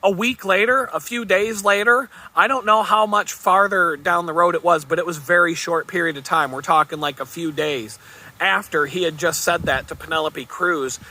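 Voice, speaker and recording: A man's voice: sits high, fairly even intonation, moderate pace, pushed and bright. A man vlogging, telling a rambling story in a casual, chatty way and chuckling at it.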